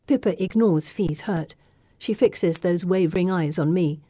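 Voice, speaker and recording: A woman giving measured first-person audiobook narration. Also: fairly low pitch, mellow, no echo, clean studio sound.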